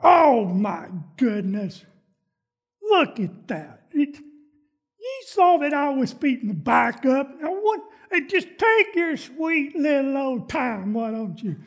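A woman preacher playing a grumbling churchgoer who complains to God and shouts at slow drivers in a sermon skit. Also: a little high, animated, slightly rough. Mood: impatient. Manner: exasperated complaining, rising to shouted impatience. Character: grumbling churchgoer, impatient and easily annoyed.

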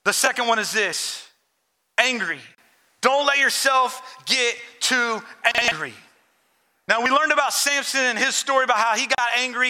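Male pastor, high and very bright voice, chatty joking sermon delivery, long hall reverb. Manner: conversational, joking preacher who turns earnest. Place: church sanctuary.

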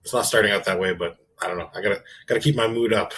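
A man's voice: on the low side, quick pace, fairly bright tone, slight background noise, rough recording. A man chatting casually on a gaming podcast in an easygoing, hesitant way. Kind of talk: casual chat.

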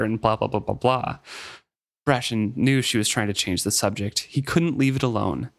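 A man co-hosting a book podcast, reading passages aloud with lively shifts in pitch and talking them over casually. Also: moderate pace, no echo, studio quality. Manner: reads quotes with lively shifts in pitch, laughs easily. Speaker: podcast co-host.

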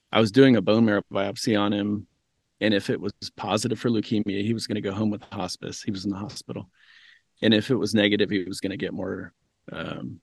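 A physician and teacher, a man, earnestly telling a reflective story in a conversation, pausing often with ums. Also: fairly low pitch, no echo, studio quality. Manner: earnest, thoughtful, with frequent ums and self-corrections. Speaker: physician and medical educator, podcast guest.

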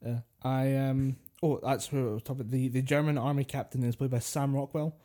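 A man's voice: mid-range voice, steady tone, a little fast, warm tone. A man co-hosting a podcast, chatting casually about films and laughing at his own jokes. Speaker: podcast co-host. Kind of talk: casual chat.

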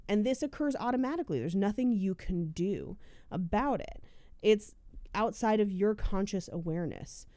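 A woman's voice: mid-range voice, warm tone, dry recording. A woman co-hosting a podcast, explaining research in a casual, joking way and laughing often. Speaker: podcast co-host presenting research.

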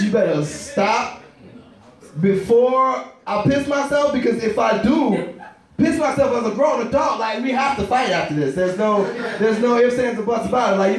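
A man in his thirties doing a stand-up comedy set, loud and profane, rambling and shouting his punchlines. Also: sits high, heavy reverb, far from the mic. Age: 30s.

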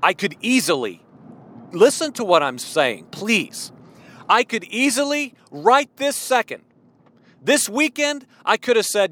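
A man in his forties preaching a fervent, worked-up sermon, at times yelling. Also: sits high, very animated, slow, no room sound. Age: 40s. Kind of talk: impassioned sermon.

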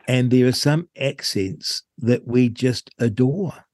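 A New Zealand man hosting a talk radio interview, asking lively, chatty questions. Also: mid-range voice, takes it slowly, no echo, studio quality. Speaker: radio host.

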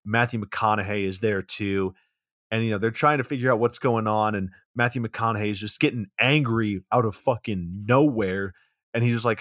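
A man's voice: on the low side, moderate pace, fairly bright tone, no room sound, clean studio sound. A man hosting a podcast, casually recapping a film in a loose, profane way full of filler words. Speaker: podcast host.

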